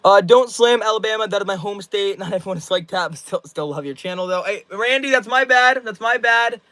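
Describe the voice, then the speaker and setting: A man's voice: high-pitched, brisk, sharp tone, no room sound, low-quality recording. A young man hosting a casual livestream, reading viewer comments aloud and answering them in loose, slangy rambles. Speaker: livestream host.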